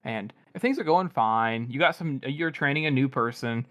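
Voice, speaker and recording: A man's voice: mid-range voice, animated, normal speed, a bit bright. A young man co-hosting a podcast who laughs easily and tells a work anecdote in casual chat. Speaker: podcast co-host. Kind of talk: casual book-discussion chat.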